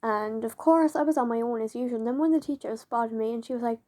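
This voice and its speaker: Chatty woman with a mellow voice. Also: a little high, fast talker. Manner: chatty, leans on "like" and acts out quoted dialogue. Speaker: vlogger. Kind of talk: casual personal storytelling.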